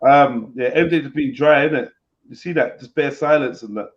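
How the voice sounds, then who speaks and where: A man's voice: medium pitch, moderate pace. A man hosting a live stream, chatting casually with laid-back, slangy banter. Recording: slightly dull lo-fi stream audio.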